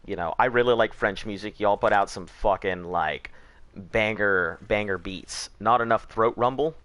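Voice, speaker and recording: A man's voice: on the low side, normal speed, a bit bright, dry recording. A man streaming a video game, chatting in a laid-back, rambling way, swearing casually and answering chat. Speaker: gaming streamer.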